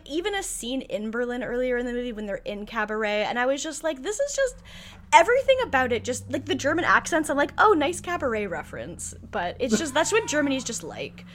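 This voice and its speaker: A woman's voice: on the high side, fairly bright tone. A woman co-hosting a casual film chat, swearing freely and often laughing. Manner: swears a lot, giggly.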